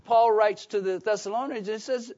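This preacher's voice is high-pitched, mellow, and steady in tone, moving at a normal speed. He talks conversationally, quizzing his congregation in call-and-response fashion and starting sentences over, and the recording is dull and lo-fi.

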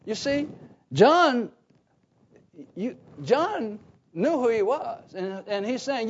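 A man preaching a Bible teaching sermon, emphatic, often pausing on "what?" so listeners fill in the words. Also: very high voice, lively intonation, husky. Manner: emphatic, repeats key phrases. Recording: dull lo-fi recording.

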